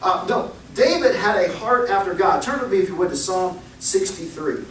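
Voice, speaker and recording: A young adult man preaching a sermon, telling Bible stories in a lively way and acting out the people he quotes. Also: high voice, normal speed, a little hiss or hum. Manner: animated storytelling, acts out quoted voices. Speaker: pastor. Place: church sanctuary. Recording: echoey church recorded from far off.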